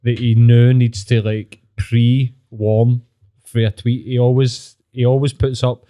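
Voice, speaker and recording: A man's voice: medium pitch, little pitch movement, normal speed, dark tone. A man with a Glaswegian accent hosting a podcast, ranting and mocking in sweary casual chat. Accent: Scottish (Glaswegian). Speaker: podcast host.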